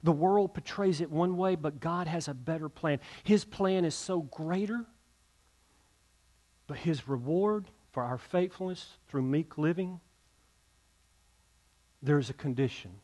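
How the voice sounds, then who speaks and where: A man's voice: fairly high pitch, unhurried, long pauses, darkish tone. A male pastor, preaching a sermon and leading an invitation, earnest and emphatic, often repeating words as he builds.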